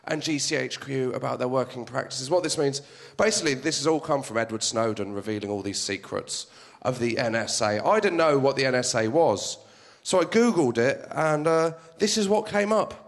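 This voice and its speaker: A man doing a wry, deadpan stand-up set of news jokes on a comedy club stage. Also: mid-range voice, moderate pace, gravelly. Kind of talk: stand-up routine. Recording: live stage mic with crowd noise.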